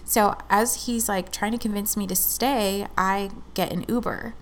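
A young woman in her twenties tells a long personal story in a loose, chatty way. She fills her speech with "like" and slips into quoted back-and-forth. Her pitch sits in the middle for a woman. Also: fairly even intonation, a little slow, a little hiss or hum. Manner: chatty, fillers of "like", acts out quoted dialogue. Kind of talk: casual storytelling chat.

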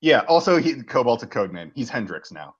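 A man co-hosting a podcast, telling a movie plot in a casual, animated way and swearing freely. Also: medium pitch, brisk, husky, highs cut off. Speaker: podcast co-host. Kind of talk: casual movie recap chat.

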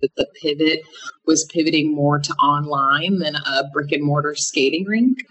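A woman's voice: deep voice, steady tone, normal speed, fairly bright tone, husky, rough recording. A young adult woman, a business founder, answering interview questions candidly with frequent restarts.

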